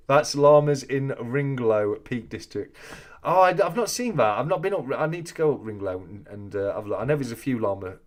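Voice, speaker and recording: An Englishman hosts a casual livestream, chatting and joking as he reads out comments. His voice sits at a middling pitch. He keeps a loose, conversational delivery. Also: normal speed. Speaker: host of a coin-collecting live chat.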